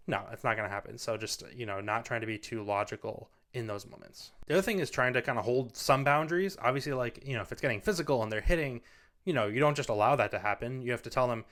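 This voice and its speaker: Standing in front of a studio mic, this man hosts a parenting talk and rambles earnestly through casual advice, dropping "you know" constantly. He talks fast in a mid-range voice that's a bit bright.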